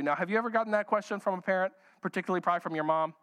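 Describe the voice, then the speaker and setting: A man's voice: sits high, very fast, hardly any pauses, fairly bright tone, in a large hall. A man preaching a sermon with humor, acting out Bible characters in playful voices. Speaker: pastor. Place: church hall.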